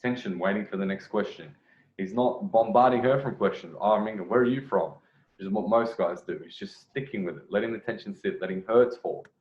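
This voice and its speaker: A man's voice: lowish voice, fairly quick, darkish tone. A man commenting on a video clip as a dating coach, rambling, correcting himself and repeating phrases. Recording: echoey room, dull lo-fi sound.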